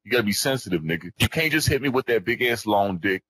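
Brash man trolling in a husky low voice. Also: lively intonation, fast, a bit bright, poor audio. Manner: put-on tough street persona, brash and boastful, heavy slang. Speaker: prank caller trolling strangers in game voice chat. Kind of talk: in-character trolling in online game voice chat.

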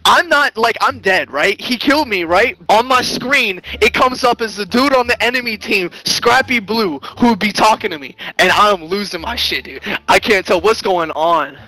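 A young man in casual game voice chat, excitable and rambling, swearing and saying "bro" constantly over a headset mic. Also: high-pitched, normal speed, hardly any pauses, poor audio. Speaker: online player in game voice chat.

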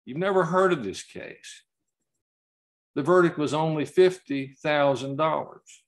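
Slow-speaking man telling a courtroom story. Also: on the high side. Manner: slow storytelling, halting, choked up at times. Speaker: award recipient. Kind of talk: emotional acceptance speech. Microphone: video call.

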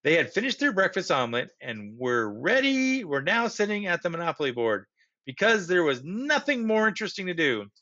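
A man, a teacher, reading a children's storybook aloud with expressive narration. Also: high-pitched, brisk, dull audio.

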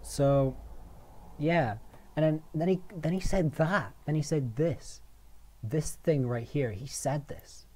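Ranting man with a dark voice. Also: on the high side, slow pace. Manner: sweary, rambling, exaggerated indignation with stammered restarts. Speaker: video maker. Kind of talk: comic mock-outraged rant.

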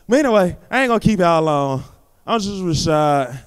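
High, smooth-voiced man doing stand-up. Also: quick pace, fairly bright tone, big-room sound. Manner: loose rambling delivery with lots of fillers. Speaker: stand-up comedian. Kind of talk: stand-up comedy set. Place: comedy theater stage. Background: audience laughter.

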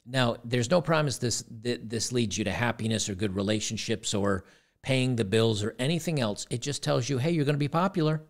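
A man's voice: medium pitch, moderate pace, gravelly. A man hosting a casual reaction commentary, rambling and repeating words, with sarcastic asides. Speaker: commentary channel host.

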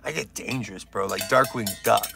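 A man's voice: fairly low pitch, moderate pace, vocal fry, sharp tone. A man doing casual stand-up on a live stream, rambling, swearing and joking with his viewers.

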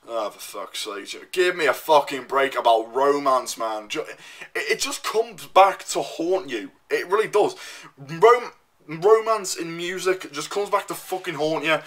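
A young man rants straight into his camera in a tense, bright voice that sits a little high for a man. He swears at every turn, circles back on his own phrases and keeps pushing himself into a worked-up, scornful tirade. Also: lively intonation, unhurried. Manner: swears constantly, repeats himself, loud and worked up. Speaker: vlogger. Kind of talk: profane ranting monologue.

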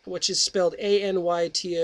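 A man's voice: high-pitched, little pitch movement, normal speed. A man hosting his own comedy healing show, talking in a jokey, rambling way and then reading a book aloud. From United States. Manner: jokey, rambling, with sudden jumps in loudness. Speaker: radio show host.

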